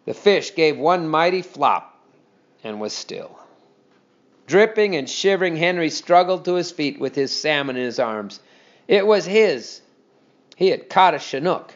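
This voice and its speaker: Male narrator reading a children's story, fairly high voice, dull lo-fi recording. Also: normal speed. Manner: steady expressive storytelling.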